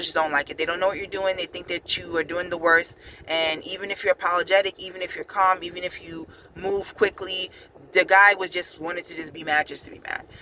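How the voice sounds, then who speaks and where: A woman vlogging casually from her car, telling a story with many ums and an animated, chatty manner. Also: lowish voice, a little hiss or hum, poor audio.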